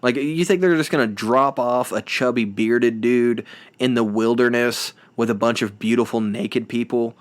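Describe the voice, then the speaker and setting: A man's voice: mid-range voice, normal speed. A young man hosting a solo podcast, rambling and self-deprecating with lots of restarts and fillers. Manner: playful mimicking of reality show voices. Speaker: podcast host.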